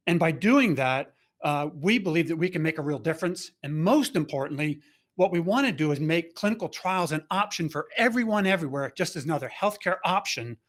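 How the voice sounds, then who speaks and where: A man hosting a webinar over a video call, talking in a rambling, halting way with many restarts. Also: fairly high pitch, lively intonation, a bit bright. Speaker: host.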